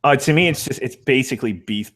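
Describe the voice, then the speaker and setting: A man's voice: mid-range voice, quick pace, fairly bright tone. A man in a casual online chat, brash, crude and teasing.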